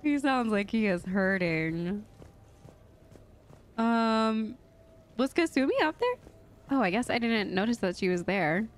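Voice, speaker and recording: A woman's voice: on the high side, expressive, slow pace, pauses often. Brief: female let's-play streamer, giggly casual commentary. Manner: giggly, chatty reactions.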